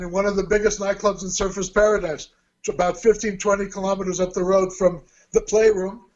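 Higher-voiced Australian man telling stories. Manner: lively anecdote teller who acts out quoted dialogue. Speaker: interview guest, former event promoter. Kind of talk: storytelling interview. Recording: dull lo-fi recording.

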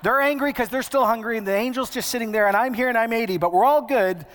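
A man's voice: very high-pitched, fast, a bit bright, a little hiss or hum, voice pushed up. A man voicing a cheerful elderly man of eighty who chats casually and upbeat about his night among lions. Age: 80s. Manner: chatty, upbeat, matter-of-fact. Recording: long hall reverb.

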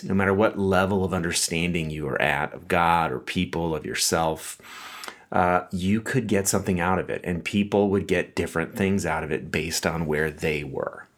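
A man preaching a sermon in a conversational way, reading scripture and explaining it with asides. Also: low voice. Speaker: pastor.

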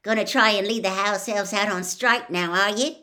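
A woman's voice: mid-range voice, moderate pace, bright, forceful tone, voice pushed up, close to an everyday voice. A woman doing a mocking teenage boy joker. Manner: mocking, teasing.

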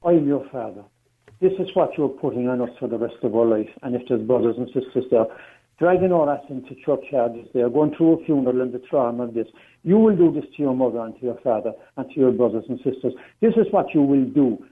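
Man, caller, insistent and forceful, mid pitch, phone-line sound. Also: lively intonation, brisk. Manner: forceful, insistent, repeats for emphasis.

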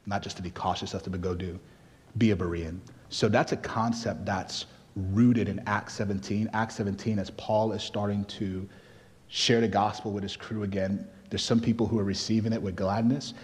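In a large hall with long reverb, a Nigerian pastor gives a sermon in a voice on the low side and a little mellow. At times he talks conversationally; at others he climbs into emphatic exhortation.

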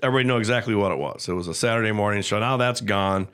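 A man's voice: fairly low pitch, very fast, a bit bright, smooth. A man hosting a casual podcast chat, talking in a laid-back, rambling way with many fillers. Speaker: podcast host.

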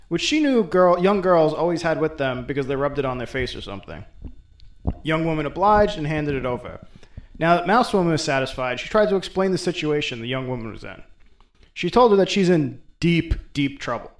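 A man's voice: fairly high pitch, lively intonation, moderate pace. A man hosting and retelling a folktale in an irreverent, profane, wisecracking way. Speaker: host and storyteller. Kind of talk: comedic folklore storytelling.

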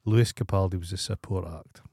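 A man's voice: sits low, fairly even intonation, fairly quick, creaky, warm tone, no echo. A Scottish man co-hosting a podcast in casual chat, sardonic and crude, swearing freely. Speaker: podcast co-host.

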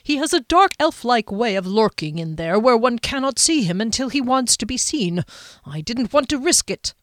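A woman's voice: fairly high pitch, sing-song, normal speed, no room sound, clean studio sound, pitched above the performer's own voice. A woman reading aloud voices an irritable, fussy male mage in a fantasy story. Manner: snappish, fussy.

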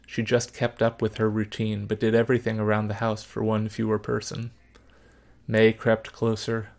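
A man narrating a story in the first person, measured, subdued and reflective. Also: on the low side, monotone, gravelly, a little mellow.

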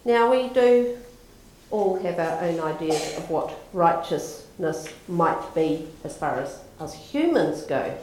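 A woman's voice: on the low side, expressive, slow, darkish tone, slight background noise. A woman giving a sermon in a conversational, storytelling manner. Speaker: preacher. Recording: echoey room.

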